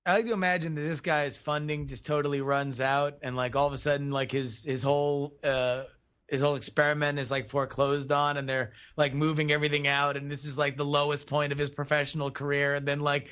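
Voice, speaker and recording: A man's voice: on the high side, level tone, a little fast, fairly bright tone, clear, resonant tone. A man co-hosting a podcast, riffing in a rambling, filler-heavy casual chat. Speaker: podcast co-host.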